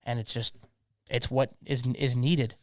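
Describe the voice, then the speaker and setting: A man's voice: mid-range voice, fairly even intonation, unhurried, dry recording, studio quality. A young man, talking passionately in a slangy, casual podcast conversation, often repeating words as he gets going. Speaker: DJ guest.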